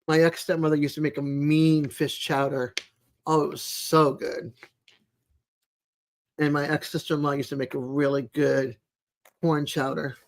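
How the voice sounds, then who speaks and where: Rambling adult live streamer chatting. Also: mid-range voice. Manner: rambling, greets chat viewers by name; homey, unhurried small talk with fillers. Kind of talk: casual live-stream chat. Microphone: home streaming mic, no camera.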